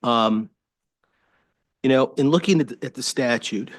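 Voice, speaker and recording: A man speaking as an attorney at a public board hearing, hesitant and halting, often restarting his sentences. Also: mid-range voice, dry recording. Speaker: attorney addressing a state board. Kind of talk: formal testimony at a public meeting. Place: government hearing room.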